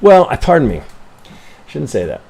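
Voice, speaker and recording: A man's voice: a little high, wildly swooping pitch, normal speed, vocal fry, a little mellow, husky. A man teaching chart analysis on a live stream, talking casually and thinking aloud. He swears, keeps correcting himself and often checks in with "right?". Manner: rambling, profane, constantly self-correcting, asks "right?"; thinks aloud while working through charts. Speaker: trading educator reviewing member charts.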